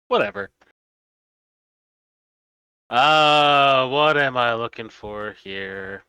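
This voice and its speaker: A man's voice: mid-range voice, very slow, bright, forceful tone, clear, resonant tone, dry recording, rough recording. A man running a tabletop game as game master, chatting casually and laughing easily between rules and scene-setting.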